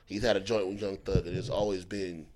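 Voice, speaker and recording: A man co-hosting a casual podcast chat, talking in loose bursts that trail off and restart, jumping between loud emphasis and low mutters. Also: level tone, brisk, a little hiss or hum. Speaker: podcast co-host.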